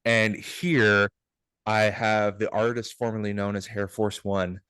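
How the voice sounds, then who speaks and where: A man's voice: fairly low pitch, little pitch movement, unhurried, fairly bright tone, clear, resonant tone, no room sound, studio quality. A man hosting a podcast, chatting casually in an upbeat, joking and rambling way over a video call. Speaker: podcast host. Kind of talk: casual chat.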